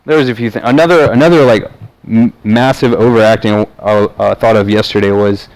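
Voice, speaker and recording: Rambling low-voiced man, off-the-cuff. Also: steady tone, brisk, darkish tone, low-quality recording. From American South. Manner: meandering, many fillers and restarts. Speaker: vlogger. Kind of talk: rambling casual monologue.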